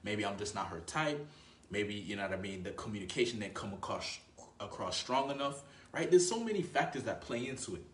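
A man's voice: fairly low pitch, very animated, fairly quick, a bit bright. Man with a roomy, distant sound. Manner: conversational, frequent "right?" tag questions; slangy, addresses viewer as bro. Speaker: dating coach. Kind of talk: casual advice monologue. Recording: roomy, voice away from mic.

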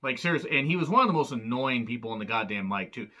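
Guy with a bright edgy voice going off about an old wrestling episode, swearing a lot, super sarcastic. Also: mid-range voice, expressive, quick pace, dull audio. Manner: profane, exasperated ranting. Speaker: wrestling show reviewer. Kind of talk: casual recap commentary.

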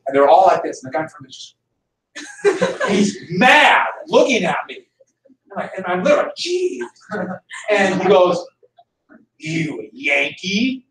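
A middle-aged American man lectures a history class with a high, expressive voice that rises and falls as he jokes and tells stories. He is caught from across a roomy classroom, so his voice sounds distant and echoey. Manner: animated, jokey storyteller with laughs. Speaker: history teacher.

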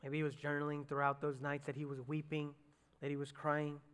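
High-voiced pastor preaching in a reverberant hall. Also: male voice, a little fast, clear, resonant tone. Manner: lively, conversational preaching with many fillers and asides to the congregation. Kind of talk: sermon. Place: church sanctuary on a stage. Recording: church hall with long reverb.

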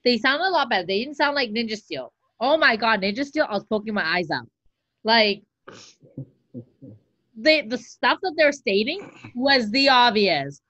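Woman co-host, exasperated lively ranter, highish voice, dry and slightly dull recording. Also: normal speed, no room sound. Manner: exasperated, animated ranting. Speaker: podcast co-host. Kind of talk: casual chat.

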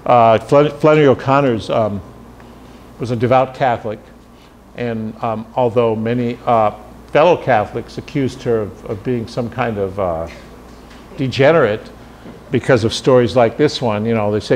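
A man's voice: mid-range voice, normal speed, darkish tone, slight background noise. A man in his fifties giving a university seminar lecture, thoughtful and hesitant, with fillers and restarts. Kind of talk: classroom lecture.

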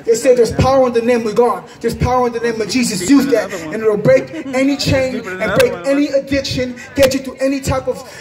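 A man giving an impassioned religious testimony outdoors in a park, often breaking into shouts and repeating himself for emphasis. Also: very high voice, a little fast, hardly any pauses, a crowd in the background.

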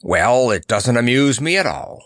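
A man's voice: medium pitch, very animated, a little slow, fairly bright tone, no room sound, clean studio sound. A man playing a pompous blustering monarch. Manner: imperious, demanding. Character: pompous blustering male monarch with blue whiskers.

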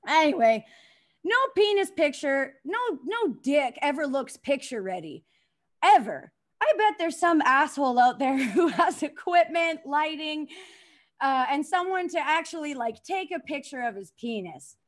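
A woman's voice: high-pitched, very animated, a little slow. A young woman doing a crude stand-up comedy set, self-deprecating, laughing at her own jokes and talking to the crowd.

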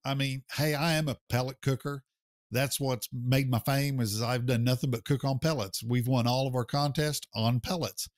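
A man's voice: a little high, no room sound, studio quality. An American man, a barbecue pitmaster, talking casually as a podcast guest in a folksy, plainspoken way. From United States. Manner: folksy, plainspoken, says sir. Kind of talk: casual interview chat.

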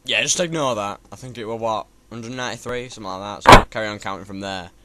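A young man with a lowish voice talks fast through his own platformer run, frustrated and swearing at the game nonstop. It's let's-play commentary over heavy background noise, with loud typing and keyboard clicks behind him.

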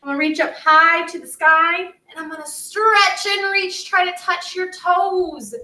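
A woman's voice: extremely high pitch, steady tone, measured pace, bright, forceful tone. A woman teacher leading children through stretches and animal movements, upbeat and full of praise. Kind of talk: guiding kids through stretches and animal moves. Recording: echoey room with music behind.

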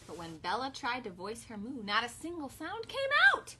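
A woman in her thirties, a kindergarten teacher and mother, reading a picture book aloud to her class while firmly keeping her children quiet. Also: a little high, normal speed, hardly any pauses, breathy edge. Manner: animated read-aloud, firm with her children.

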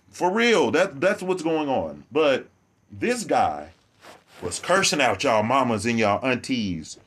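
A man giving ranting vlog commentary, animated, profane and sarcastic. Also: on the high side.

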